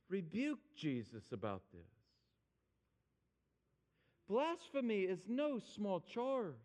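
Slow, emphatic male preacher in a reverberant hall. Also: high-pitched. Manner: emphatic preaching, slows down on quoted scripture. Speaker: pastor. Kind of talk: sermon.

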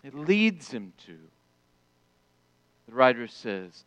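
Emphatic preacher man, slow and clear. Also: fairly high pitch, very animated, no echo. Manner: emphatic, builds to loud declarations then drops soft. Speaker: pastor. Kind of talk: sermon.

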